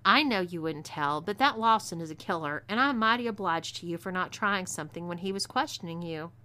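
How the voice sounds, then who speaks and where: A woman's voice: on the low side, expressive, a little fast, pushed and bright. Woman playing a cocky Texan outlaw woman. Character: bold female outlaw gunslinger, cocky and commanding.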